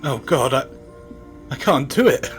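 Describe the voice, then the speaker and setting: A man's voice: medium pitch, expressive, unhurried, soft background music. A man on a comedy podcast, delivering hammy, theatrical sketch lines and banter. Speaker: podcast co-host.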